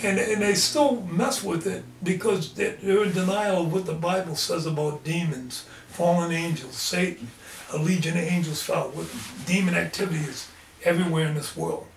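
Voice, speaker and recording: In an interview, this lay preacher shares stories of his experiences with earnest fervor, his pitch fairly high and his speed normal. Recorded from a distance in an echoey room, the audio has faint ambience and slight background noise.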